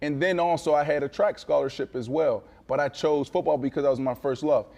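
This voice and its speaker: Animated man telling boastful sports stories. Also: fairly high pitch, a little fast, creaky. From Florida. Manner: animated, boastful storytelling with many restarts. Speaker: co-host. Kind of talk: casual sports talk.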